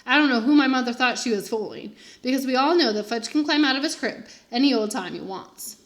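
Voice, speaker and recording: A woman teacher reads a children's chapter book aloud to her class. Her narration is expressive and animated, her voice somewhat high. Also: a little fast. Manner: expressive first-person narration. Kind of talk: storybook read-aloud for children.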